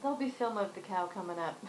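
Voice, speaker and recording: A woman's voice: medium pitch, lively intonation, fairly quick, a little mellow, echoey room, slight background noise, rough recording. A woman making playful, teasing comments while watching old family movies with her parents. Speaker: adult daughter watching home movies. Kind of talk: casual chat.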